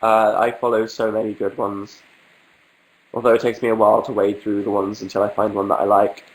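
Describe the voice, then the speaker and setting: A man's voice: on the low side, little pitch movement, brisk, low-quality recording. Young man with a cold, dry and sarcastic. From England. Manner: dry, self-mocking and sarcastic. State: has a cold, sniffling. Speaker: livestream host answering viewer questions. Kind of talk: casual livestream chat.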